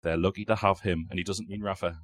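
Male quiz host, lowish voice, playful, reads quotes aloud, dry studio sound. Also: steady tone, fast, no echo. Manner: teasing, joking, reads quotes aloud and repeats them. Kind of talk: casual podcast chat, reading out quiz questions.

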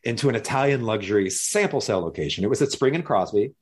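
A man's voice: fairly low pitch, fast talker, husky. A man telling a story in casual conversation, acting out the lines of other people as he goes. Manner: animated, acts out other people's lines in jumpy voices. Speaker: guest.

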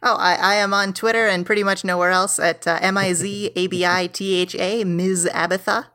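A woman with a fairly low voice tells an absurd story as a podcast guest. Her manner is deadpan, and she restarts her sentences now and then. The delivery stays dry throughout. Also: normal speed.

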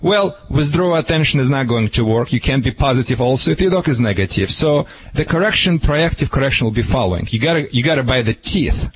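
Give me a man with a Russian accent giving lively dog-training advice over the radio, slightly husky. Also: medium pitch, brisk, hardly any pauses, rough recording. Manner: animated, punchy, repeats key phrases. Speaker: dog trainer answering a caller. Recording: radio broadcast.

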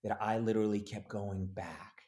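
A man with a fairly low voice tells a story in a relaxed interview. He is animated and jumps into the voices of the people in his story. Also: normal speed. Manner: animated, acts out quoted voices. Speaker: actor guest.

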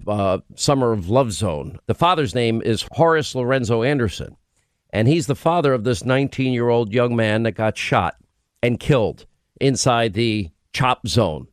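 In a radio studio, a male talk-show host launches into an impassioned, emphatic monologue full of restarts. His mid-range voice is expressive, clear and resonant at a moderate pace, and the studio-mic sound is studio quality without room sound.

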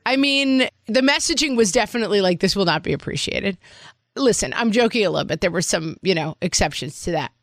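A woman's voice: medium pitch, expressive, quick pace, hardly any pauses, no echo. Middle-aged woman co-host, casual frank banter with some jokes, dry close mic. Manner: frank, joking, thinks aloud with "like". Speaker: podcast co-host. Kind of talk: casual parenting chat.

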